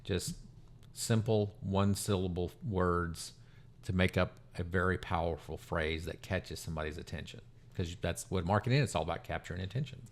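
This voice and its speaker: A man's voice: sits low, normal speed, creaky. A man co-hosting a podcast, a lawyer talking in casual conversation with frequent fillers. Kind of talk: casual professional chat.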